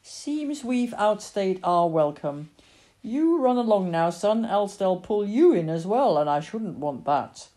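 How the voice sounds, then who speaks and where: A woman reading the part of an old male poacher with rustic country speech, gentle but stubborn. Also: medium pitch, lively intonation, slow. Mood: weary.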